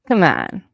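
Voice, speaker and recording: A woman rants at her critics in a heated, profane, sarcastic voice. She sits at a middle pitch, and the sound is dry and close with no room echo. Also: vocal fry, a little mellow. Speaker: streamer addressing online critics. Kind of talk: angry livestream rant.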